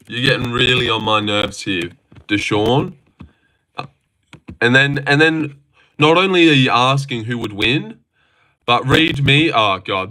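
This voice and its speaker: A man's voice: mid-range voice, pushed and bright. A young man on a live stream, reading and answering chat with sarcastic, argumentative, swear-filled talk.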